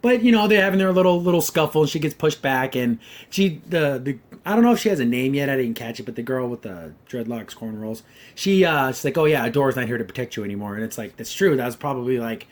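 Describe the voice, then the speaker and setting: Brisk and lively in intonation, a mid-range male voice carries a podcast review of a cartoon episode. It's casual and meandering, heavy on "kinda" and "like," and consistently wry and critical.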